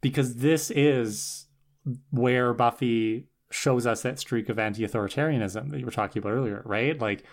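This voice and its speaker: A man's voice: mid-range voice, normal speed. A man co-hosting a podcast, talking about a show with enthusiasm in casual chat. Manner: enthusiastic, some restarts. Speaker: podcast co-host. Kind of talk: casual fan discussion.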